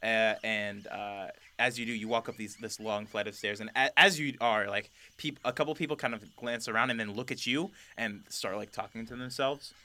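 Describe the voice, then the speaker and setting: A man's voice: lowish voice, fairly even intonation, moderate pace, few pauses, sharp tone. A man narrating as game master of a tabletop game, rambling with lots of fillers.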